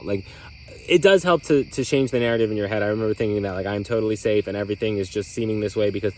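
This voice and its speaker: A man's voice: fairly low pitch, very fast, darkish tone, slight background noise, low-quality recording. A man hosting a podcast, talking candidly in a rambling, reflective way with many fillers. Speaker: podcast host. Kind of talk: reflective solo talk.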